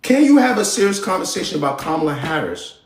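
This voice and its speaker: A high-voiced man rants on his live show, his pitch swinging widely as he gets heated. His talk is slangy and profane, and it carries a roomy echo around it. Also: sing-song, fast, a little hiss or hum. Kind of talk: casual political rant.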